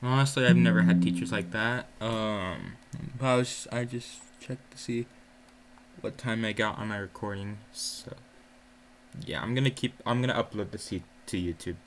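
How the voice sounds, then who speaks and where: A man's voice: lowish voice, moderate pace, slight background noise. A man hosting a reaction video, talking in a hesitant, casual way with lots of ums.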